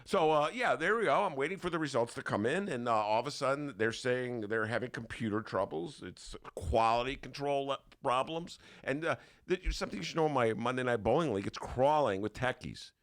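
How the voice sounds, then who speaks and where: Gravelly-voiced older man, lively. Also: medium pitch, brisk, hardly any pauses. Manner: animated storytelling with put-on voices. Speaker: podcast host. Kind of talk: casual comedic monologue.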